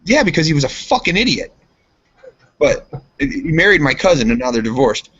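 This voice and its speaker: A man's voice: fairly high pitch, sing-song, a little fast, a bit bright, breathy edge. A man chatting casually as a guest, telling rambling work stories full of swearing. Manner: profane, rambling storyteller. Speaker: guest, steel mill worker. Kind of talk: casual chat. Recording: dull lo-fi podcast audio.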